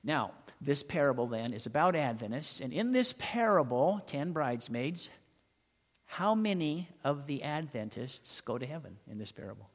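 A man's voice: mid-range voice, animated. A man preaching a sermon as pastor, telling stories and asking the congregation rhetorical questions. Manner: storytelling preacher, rhetorical questions, dramatic pauses. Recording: long hall reverb.

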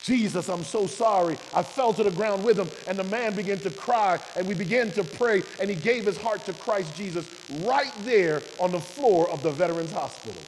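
High-pitched guy preaching a testimony, hushed then loud, long hall echo, hiss and hum behind. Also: expressive, moderate pace, few pauses. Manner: impassioned storytelling, swings from hushed to loud. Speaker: preacher and doctor. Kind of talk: sermon testimony.

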